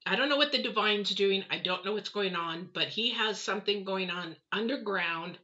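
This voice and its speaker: A woman's voice: medium pitch, normal speed, bright, forceful tone, lo-fi sound. A middle-aged woman giving a casual live tarot reading, chatty and rambling with self-deprecating asides. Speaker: tarot reader.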